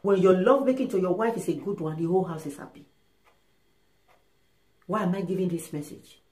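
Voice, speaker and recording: A woman giving relationship and sex advice in a casual monologue, emphatic and animated, acting out little dialogues. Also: lowish voice, a little fast. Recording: roomy echo.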